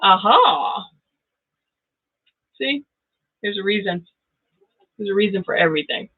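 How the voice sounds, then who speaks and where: She's a middle-aged tarot reader hosting a live session on her channel, speaking in a husky, medium-pitched voice with lively intonation and a measured pace. Laughter punctuates her chatty, direct talk to viewers, all captured on tinny phone-quality audio.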